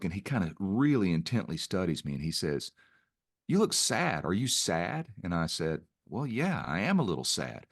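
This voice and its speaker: A middle-aged man as a podcast guest, telling a personal story in an earnest way and often restarting his phrases. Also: low-pitched. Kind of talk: reflective interview storytelling.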